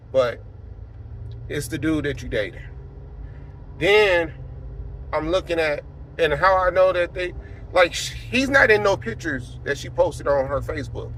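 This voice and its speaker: A man in his forties tells a personal testimony in a relaxed, rambling way, with a fairly high voice for a man. He shifts from low, subdued stretches to loud, emphatic ones. A faint hum of traffic sits behind him. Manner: conversational, many fillers, swings from quiet to emphatic. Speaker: apostle sharing a personal testimony. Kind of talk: casual spoken testimony.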